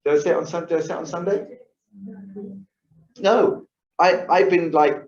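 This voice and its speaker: A man with a fairly high pitch, steady tone, and moderate pace talks casually about lifestyle to a yoga class. He acts out what he's thinking and keeps asking the audience "right?" The audio is lo-fi, dull, and roomy, recorded in the yoga studio.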